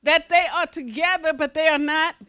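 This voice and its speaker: Lady minister preaching, folksy and animated, bright ringing voice. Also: high-pitched, moderate pace. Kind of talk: sermon.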